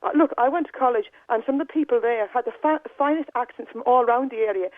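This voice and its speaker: A woman's voice: fairly high pitch, fast talker, no echo. A woman calling in to a radio show, arguing insistently and stumbling over her words. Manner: stammering, insistent, talks over others. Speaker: caller. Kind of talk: heated radio phone-in argument. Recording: tinny phone line.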